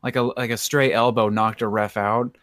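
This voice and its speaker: A co-host chatting casually on a podcast, playful and quick to giggle. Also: medium pitch, flat delivery, fairly bright tone. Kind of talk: casual banter.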